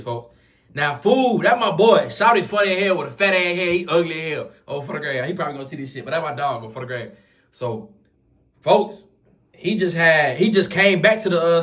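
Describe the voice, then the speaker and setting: A vlogger tells a prison story to the camera in casual fashion, a fast-talking man with a drawl and a fairly high pitch. His animated retelling is slangy, with oaths and fillers repeated throughout.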